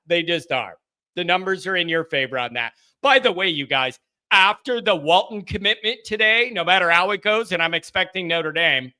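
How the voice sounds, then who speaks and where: A man hosting a live sports call-in show in casual chat, animated and laughing often. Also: sits high.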